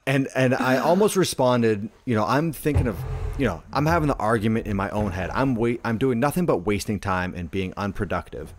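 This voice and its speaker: A man's voice: mid-range voice, lively intonation, brisk, background noise. A man in casual conversation, rambling through stories and leaning heavily on "like". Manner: rambling storyteller, heavy on "like".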